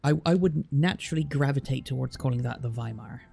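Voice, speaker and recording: A man's voice: mid-range voice, fast talker, gravelly, a little mellow, breathy edge. A man from Bristol with a rhotic West Country accent, chatting casually and curiously on a livestream, rambling with restarts and fillers. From Bristol, England. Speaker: streamer chatting with a guest.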